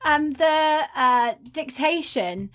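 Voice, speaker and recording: A woman co-hosting a podcast, chatting casually in a bubbly, giggly way and telling quick anecdotes. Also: high voice, expressive, a bit bright. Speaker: podcast co-host. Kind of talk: casual chat.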